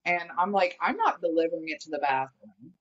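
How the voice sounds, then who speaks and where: A woman telling a workplace story in a casual podcast chat, animated and acting out what people said. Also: on the low side, brisk, dull audio. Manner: animated, acts out quotes while telling a story. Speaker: guest friend.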